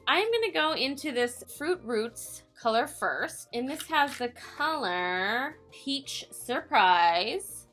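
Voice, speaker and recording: A tired young woman chatters through a makeup swatch vlog, giggling and mocking herself. Her voice is bright and sits a little high. Faint music plays under her. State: tired late at night. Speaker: beauty vlogger.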